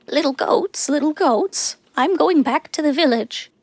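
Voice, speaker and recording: A woman voicing a caring goat mother in a children's audio story, gently warning her kids about the rules. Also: sits high, animated, unhurried, no room sound, voice pushed up.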